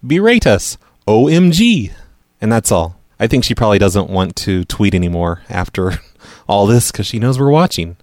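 A man hosting a prank call show, telling the story in a flat, provoking deadpan. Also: on the low side, normal speed, hardly any pauses, no room sound, clean studio sound. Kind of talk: casual storytelling and prank calls.

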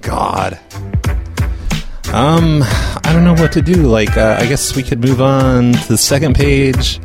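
A man's voice: medium pitch, slow, gravelly, music in the background. Man running prank calls, stammering and mocking. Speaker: prank caller. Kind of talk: prank call livestream chat.

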